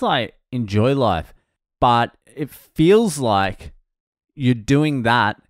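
Male comedian host, 30s, lowish voice, dry close sound, sweary rambling sardonic monologue. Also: no room sound.

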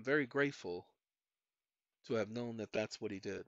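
This middle-aged channel host's voice is on the low side, at a moderate pace with frequent pauses. He rambles through a personal monologue, speaking directly to viewers and often saying "ladies and gentlemen." The recording is muffled, lo-fi, and dry, with no echo.

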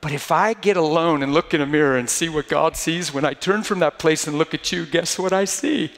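A man's voice: fairly high pitch, fairly quick, a bit bright, big-room sound. A man preaching a sermon in a conversational way that builds to fervent emphasis, now and then acting out mocking quoted voices.

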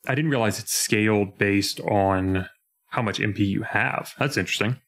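A young man co-hosting a casual podcast, animated and jumping into mock voices as he retells scenes. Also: on the low side, normal speed. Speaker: podcast co-host. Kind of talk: casual chat.

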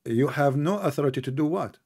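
A man's voice: on the high side, quick pace, darkish tone, breathy edge. A man with a non-native English accent hosting a heated religious debate call, mocking and sarcastic toward the caller. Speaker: debate show host.

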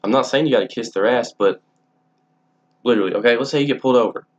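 A young vlogger tells stories casually to camera, rambling, swearing freely and restarting his sentences often. His voice is medium-pitched and he talks fast, with lo-fi sound.

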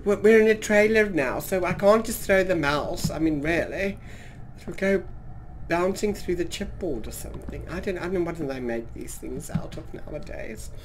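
A man's voice: high voice, moderate pace, a little hiss or hum. Campy drag queen narrating gameplay. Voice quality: slightly husky. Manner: camp and theatrical, calls listeners darling. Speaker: drag queen gaming streamer. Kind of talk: casual gameplay commentary. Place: in a trailer.

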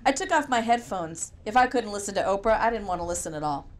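An audiobook narrator reads a novel in first person, with a wry, conversational storytelling manner. Her mid-range voice is expressive, and she talks fast.

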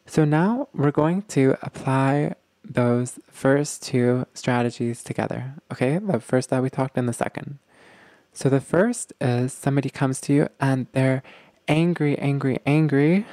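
Gravelly-voiced man giving relationship advice. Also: medium pitch, unhurried, dry recording, clean studio sound. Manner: gentle, explanatory, often checks in with "okay?". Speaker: relationship coach.

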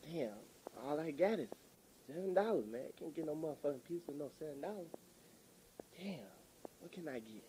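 A man in a comedy skit playing a loud, cursing customer who is quick to pick a fight. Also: a little high, expressive, a little hiss or hum, rough recording. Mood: annoyed. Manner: brash, cursing, quick to anger. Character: loud hungry male customer picking a fight.

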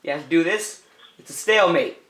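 A man's voice: fairly high pitch, brisk, a bit bright, roomy sound, slight background noise. A man giving playful let's-play commentary, teasing the other players and often breaking into laughter with goofy repeated calls. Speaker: gameplay commentator.

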